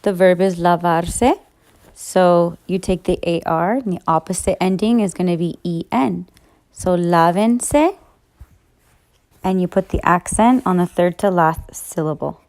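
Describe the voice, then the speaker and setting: A woman with a somewhat low voice teaches a Spanish grammar review. She lays out each rule patiently, one step at a time, like a teacher working through examples. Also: moderate pace, a little mellow. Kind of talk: explaining grammar in a recorded lesson.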